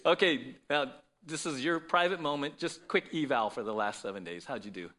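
Bright-voiced male pastor preaching. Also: medium pitch, animated, normal speed. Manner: conversational preaching, frequent "right?" asides. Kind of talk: sermon.

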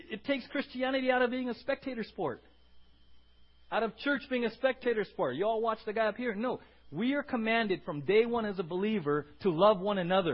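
A high-pitched male pastor preaches in a relaxed, conversational way and teases people in the pews by name. The sound is dull and lo-fi, like an old church recording. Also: slightly rough. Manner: joking with the audience, calls on people by name. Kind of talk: conversational sermon to a congregation.

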